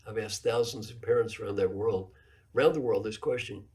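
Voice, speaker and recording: Man, 70s, executive coach giving a keynote, mellow voice, emphatic storyteller who drives points home by repetition. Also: on the low side, fairly quick. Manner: storytelling, emphatic, repeats key phrases. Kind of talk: keynote lecture with anecdotes.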